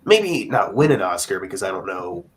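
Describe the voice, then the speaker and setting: A man's voice: low voice, big pitch swings, normal speed, slight background noise, poor audio. A young man in casual film chat as co-host, rambling with many fillers and restarts.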